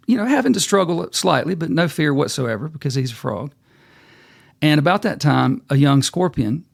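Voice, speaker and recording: A man with a gravelly voice tells a fable and turns it into a life lesson, plain-spoken and folksy. The sound is dry and close, with no room in it. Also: medium pitch, no echo. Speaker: host and speaker. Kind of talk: storytelling talk with sermon-like lessons.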